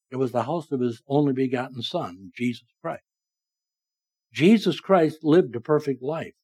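Male pastor, slightly raised pitch, dynamic sermon delivery, church setting. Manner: dynamic preaching, swings between loud emphasis and soft low lines. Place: church sanctuary.

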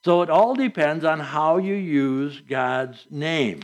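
A man's voice: on the high side, takes it slowly. Earnest man preaching a sermon. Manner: earnest, emphatic preaching with scripture quotes.

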